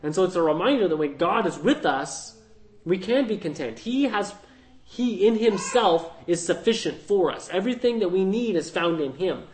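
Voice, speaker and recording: A man's voice: high voice, lively intonation, moderate pace, slight background noise, low-quality recording. Man teaching a Bible passage conversationally. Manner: conversational, thinking aloud with fillers and "right?".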